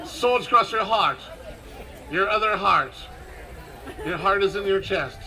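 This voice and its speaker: A man's voice: high voice, takes it slowly, gravelly, sharp tone, rough recording. A man leading a crowd in live outdoor street theater, commanding and theatrical with dry sarcastic asides. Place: outdoor festival stage.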